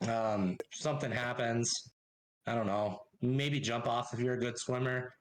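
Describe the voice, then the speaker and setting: A man's voice: mid-range voice, steady tone, a little slow, lightly acted, rough recording. A man doing a clueless ship steward. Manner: rambling, unsure, offhand.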